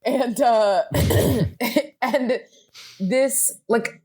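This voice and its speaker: A woman's voice: on the high side, extremely slow, a little mellow, breathy edge. A young woman, a comedian guest on a podcast, telling a rambling, self-deprecating story in casual chat.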